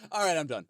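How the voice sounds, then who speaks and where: High-voiced ranting podcast host. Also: male voice. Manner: mock-ad rant, swearing. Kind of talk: comedic podcast banter.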